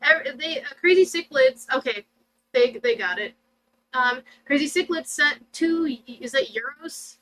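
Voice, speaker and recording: A woman's voice: high-pitched, lively intonation, a little slow, fairly bright tone, a little hiss or hum, poor audio. A middle-aged woman co-hosting a casual livestream, chatty and giggly as she thanks viewers by name. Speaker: livestream co-host.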